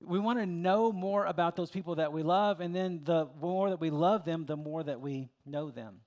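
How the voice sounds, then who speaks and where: Folksy preacher, mid-high voice. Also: male voice, moderate pace, a little mellow, muffled recording. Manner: conversational, folksy preaching with filler words. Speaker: pastor. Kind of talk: sermon.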